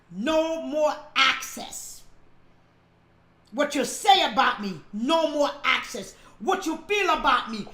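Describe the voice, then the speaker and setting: Woman pastor, high voice, echoey room, repeats lines for emphasis and shouts the key points. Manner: preaching with emphatic repetition. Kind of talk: sermon.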